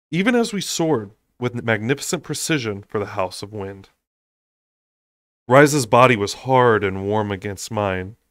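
Man reading a novel aloud, low voice. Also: a bit bright, no echo, studio quality. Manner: unedited reading with slips and asides. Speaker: audiobook reader.

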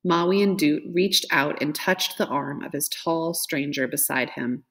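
A woman reads a novel aloud in a fairly low voice. Her delivery is gentle and expressive. She lifts her pitch when the characters speak. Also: unhurried. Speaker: reader.

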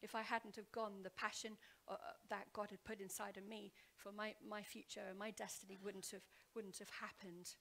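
Gravelly-voiced woman preaching a testimony. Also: medium pitch, level tone, moderate pace, hardly any pauses, a little hiss or hum. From Wales. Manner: earnest, heartfelt storytelling, drops to a hushed whisper then builds loud; repeats words and restarts often. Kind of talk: sermon testimony. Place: church hall.

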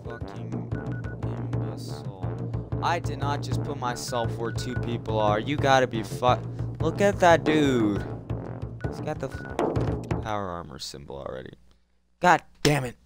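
A man giving profane, excitable commentary on his game as a channel host, yelling when things go wrong. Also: medium pitch, normal speed. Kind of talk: let's play commentary. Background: game music.

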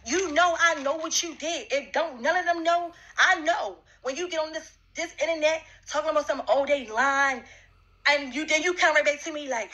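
A woman speaks in a high, bright voice, confronting someone directly. She talks in an emphatic, repetitive way, coming back to the same demands again and again. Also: fairly quick, lo-fi sound. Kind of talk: direct-address accusation.

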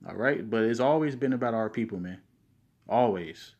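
Guy with a speech impediment teaching bible verses, leans on certain words, medium pitch. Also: normal speed, a little mellow, highs cut off. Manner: stresses key words when reading scripture aloud. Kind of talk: scripture teaching video.

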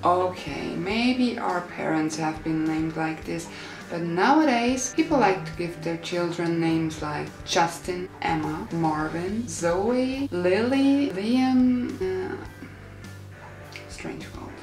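A woman's voice: fairly low pitch, lively intonation, slow, a little mellow. A young Swiss woman with a Swiss German accent, vlogging in a playful, mock-serious way. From Switzerland. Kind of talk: casual sarcastic vlog. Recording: roomy indoor echo, faint music.

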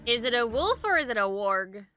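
A young adult woman giving casual reaction commentary at her home streaming desk, excitable and gushing, swearing freely. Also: on the high side, normal speed, faint music behind.

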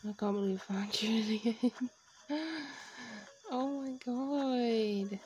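A woman chatting casually over her gameplay from her bedroom at home, gushing and excitable as she talks. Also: fairly high pitch, takes it slowly, slight background noise. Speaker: video game streamer.

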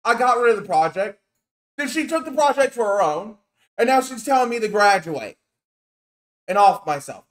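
A male VTuber streamer delivering an angry rant on a livestream, slow and emphatic, cursing and calling someone out by name. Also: extremely high pitch, animated, a bit bright.

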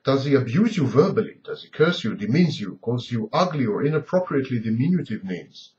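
A man's voice: mid-range voice, very animated, fairly quick, a little mellow. A man giving a scripted lecture on abusive partners, asking a long string of pointed rhetorical questions. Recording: dull lo-fi recording.

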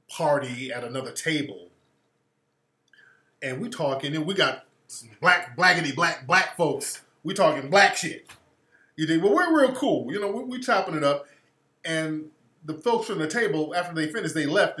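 A man hosting a radio show, talking in a casual, profane monologue and laughing as he tells stories. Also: on the high side. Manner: profane, laughing, animated storytelling. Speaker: radio host. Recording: roomy echo.

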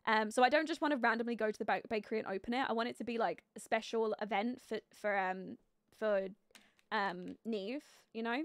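A young woman with a high, bright voice runs a relaxed live game stream, thinking out loud and breaking into giggles. She greets her chat by name between comments on the game. The sound is close and dry, with no room around it. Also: a little fast, no echo. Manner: chatty and giggly, thinking aloud with many fillers, greeting chat viewers. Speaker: live streamer playing a life-sim game. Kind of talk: casual gameplay commentary.

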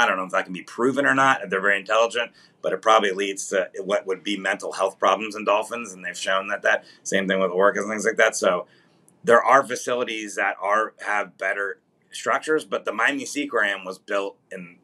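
Bright-voiced man, teasing comedian. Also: on the low side. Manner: teasing, then explains at length. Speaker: podcast co-host, comedian. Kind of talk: casual comedic chat.

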